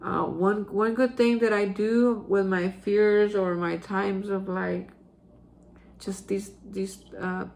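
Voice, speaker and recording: Woman, earnest personal storytelling, emotional, mid-pitched, lots of fillers and restarts. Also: steady tone, slow, vocal fry, a little mellow. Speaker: host sharing daily recovery reflections.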